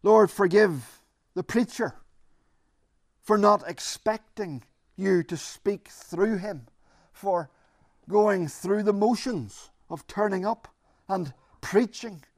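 Slow-speaking earnest male preacher. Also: high voice, dry recording, clean studio sound. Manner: slow, earnest, emphatic pleading prayer. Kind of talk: sermon and congregational prayer.

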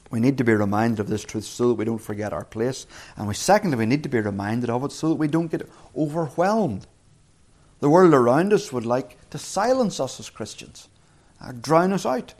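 A man preaching a sermon, earnest, slowing down and rising in pitch when quoting scripture. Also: darkish tone. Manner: earnest, slows and rises on scripture quotes.

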